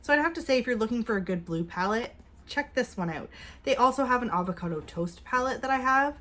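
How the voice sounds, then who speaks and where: A woman vlogging a casual makeup review at home, chatty and upbeat, with hushed asides while she applies. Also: on the high side, lively intonation, quick pace. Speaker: beauty vlogger.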